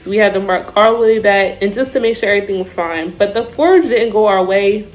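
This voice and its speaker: A young woman telling, in a casual vlog, about her time in Army basic training, with frequent fillers and lively drill-call shouts. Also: medium pitch, fairly quick, soft background music, poor audio. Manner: animated storyteller, shouts out drill calls; says "like" and "I remember" often.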